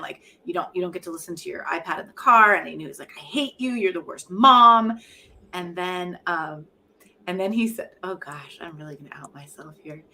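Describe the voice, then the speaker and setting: A woman's voice: lowish voice, gravelly, pushed and bright. A middle-aged woman, a poet and professor, talking frankly and reflectively in an interview, often laughing at herself. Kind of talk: candid conversational interview.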